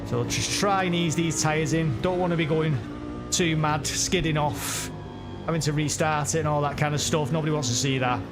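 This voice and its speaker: Chatty sim racing streamer. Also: male voice, on the high side, normal speed, music in the background. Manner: chatty, rambling, self-correcting. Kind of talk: live gameplay commentary.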